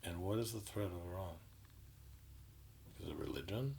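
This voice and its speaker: A man delivering an indignant, sarcastic political commentary monologue, halting with frequent restarts. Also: sits low, gravelly, darkish tone, slight background noise, low-quality recording.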